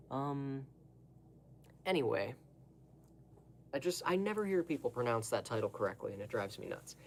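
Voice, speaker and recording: A man's voice: mid-range voice, gravelly, a little mellow, a little hiss or hum. A young man talking casually to the camera, rambling through digressions with lots of fillers and asides. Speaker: vlogger.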